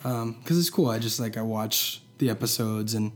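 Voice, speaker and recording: A man's voice: fairly low pitch, normal speed. A young man co-hosting a casual podcast, easygoing and hedging with lots of fillers. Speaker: podcast co-host.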